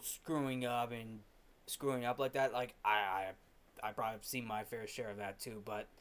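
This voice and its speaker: A man's voice: fairly high pitch, bright, forceful tone. A man hosting a film review, recapping scenes casually with many restarts and repeated words.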